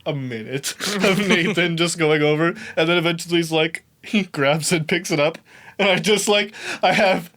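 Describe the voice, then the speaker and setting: A young man telling a story in a casual, animated way, swearing often and laughing as he talks. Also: fairly high pitch, moderate pace. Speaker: podcast host.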